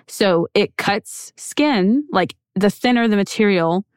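A woman's voice: medium pitch, expressive, slow, smooth, no room sound, clean studio sound. A woman hosting a podcast, telling a true-crime story in a loose, conversational way with many fillers. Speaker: podcast host.

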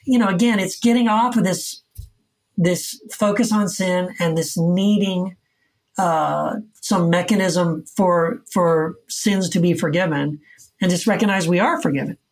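An author guest speaking in relaxed conversation. He talks earnestly and emphatically, circling back and repeating words to hammer his point home. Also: sits high, a little slow. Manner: earnest, repetitive emphatic explaining. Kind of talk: casual conversational interview. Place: Texas.

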